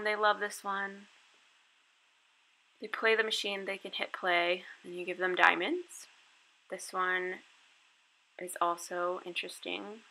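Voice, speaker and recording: A woman's voice: on the low side, vocal fry, pushed and bright, poor audio. A woman who teaches English online, giving a chatty step-by-step walkthrough of her lessons over a screen recording. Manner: chatty, explaining step by step with casual fillers. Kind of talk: casual screen walkthrough tutorial.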